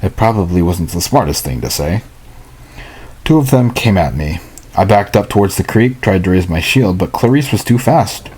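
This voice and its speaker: Low, husky man reading a novel aloud. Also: expressive, a little mellow. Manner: halting, stumbles and rereads lines. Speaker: hobby reader.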